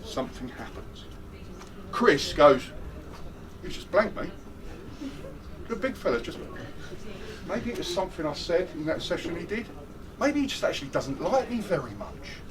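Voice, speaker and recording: A man leads a workshop in a lively, jokey way, with a slightly high voice that swings up and down. He keeps asking his audience questions. He is recorded from a distance, with faint noise in the room. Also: moderate pace, a crowd in the background. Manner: animated, jokey, chatty, asks the audience questions. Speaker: workshop trainer on stress management. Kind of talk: lively interactive workshop talk.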